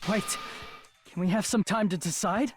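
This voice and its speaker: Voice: mid-range voice, moderate pace, over music, natural voice. A voice actor playing a young man who questions and confronts someone, in a game. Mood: accusing.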